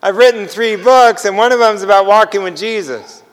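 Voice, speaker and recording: Male preacher, high and clear voice, animated storytelling, hall echo. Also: fairly quick. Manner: animated storyteller, acts out dialogue with laughs. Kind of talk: sermon storytelling.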